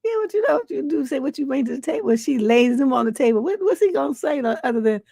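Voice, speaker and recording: A woman's voice: high-pitched, lively intonation, fast, gravelly, no room sound, studio quality. Laughing woman hosting a live stream. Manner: laughs often, reacts loudly, quotes people in playful voices. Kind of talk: casual live stream chat.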